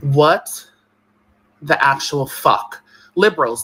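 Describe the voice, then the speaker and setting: Angry ranting woman with a bright voice. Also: very deep voice, animated, normal speed, long pauses, a little hiss or hum, rough recording. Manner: ranting, repetitive, confrontational.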